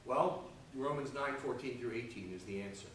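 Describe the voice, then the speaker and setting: A man gives a conversational Sunday school Bible lesson in a plain, mid-pitched, slightly bright voice at a moderate pace, checking in often with "okay?" and "right?". He's far from the mic in an echoey church classroom, and there's a little hiss or hum.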